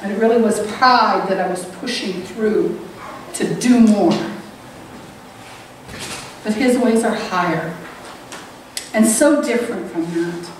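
A woman preaching a sermon in earnest. She speaks reflectively and rises high when she stresses a point. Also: slow pace, long pauses. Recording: roomy echo, distant mic, faint hiss.

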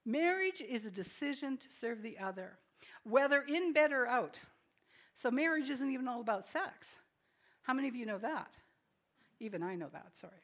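A woman's voice: sits high, big pitch swings, moderate pace. Woman preaching conversationally to a congregation. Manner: conversational, asks the congregation questions, self-deprecating asides; swings from emphatic declarations to soft, quiet asides. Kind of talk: sermon.

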